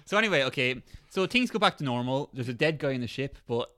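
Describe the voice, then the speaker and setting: A man's voice: medium pitch, quick pace, no echo, clean studio sound. A man in casual chat, animatedly retelling a film plot and acting out its characters. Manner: animated storyteller, acts out characters.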